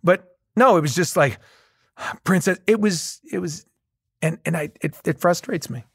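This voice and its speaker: A middle-aged man, a guest voice actor, telling animated stories in casual interview chat with many restarts. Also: fairly high pitch, normal speed, breathy edge, no echo, clean studio sound.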